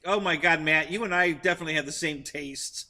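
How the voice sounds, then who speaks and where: A man's voice: fairly high pitch, fairly quick, bright, forceful tone. A man hosting a casual live-stream chat from a heated tent, laughing often and chuckling between his remarks. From United States. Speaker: host.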